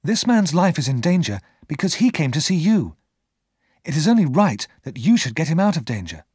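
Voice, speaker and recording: A man doing an excitable young friend. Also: fairly high pitch, normal speed, breathy edge, no echo, clean studio sound, voice pushed up. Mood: earnest. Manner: warm and excitable. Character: cheerful young male friend.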